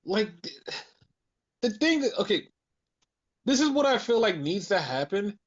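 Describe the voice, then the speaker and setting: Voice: mid-range voice, very animated, unhurried, dull audio. A podcast co-host in casual chat, ranting with heavy swearing and lots of repetition. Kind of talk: casual wrestling review chat.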